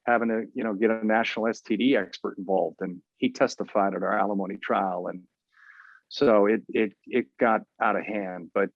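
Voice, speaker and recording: Low-voiced man in his fifties, halting. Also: fairly even intonation, vocal fry, no room sound, muffled recording. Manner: earnest, halting, with many restarts and fillers. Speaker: author and interview guest. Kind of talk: candid storytelling in an interview.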